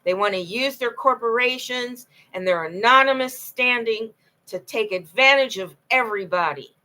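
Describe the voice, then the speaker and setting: A woman's voice: on the high side, moderate pace, sharp tone, rough recording. A woman talking alone late at night, telling her own story in an impassioned, rambling way and often repeating herself. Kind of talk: late-night monologue to camera.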